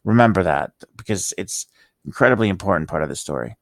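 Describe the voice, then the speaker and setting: A man with a very low voice and slurred speech talks through an emotional personal story. He stumbles and restarts often, pausing mid-sentence. The recording is dry and close, with no room echo. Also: animated, gravelly. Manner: halting, rambling, with many restarts and pauses. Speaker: vlogger telling his life story.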